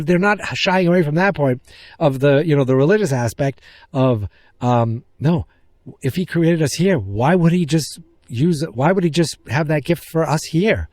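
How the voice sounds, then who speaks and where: A man hosting a podcast, excitedly retelling a film's scenes in a rambling, casual way. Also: fairly high pitch, no room sound, studio quality. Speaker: podcast host. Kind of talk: casual movie recap.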